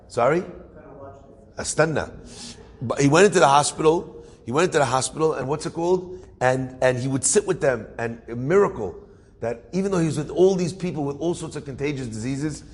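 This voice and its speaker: A man telling a story in a lively sermon, with asides, acting out voices. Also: medium pitch, a little fast, breathy edge, big-room sound. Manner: animated storyteller with asides and laughs.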